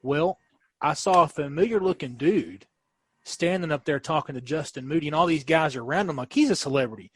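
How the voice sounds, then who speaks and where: A man's voice: on the high side, fairly quick, husky, no room sound. A man, a dentist guest telling stories in a casual podcast chat. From Kentucky. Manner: storytelling, animated, restarts often.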